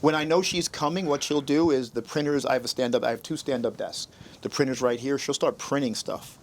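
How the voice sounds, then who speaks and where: Male podcast host, animated storyteller, acts out quotes, faint hiss behind. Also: mid-range voice, fairly quick. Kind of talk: casual podcast chat.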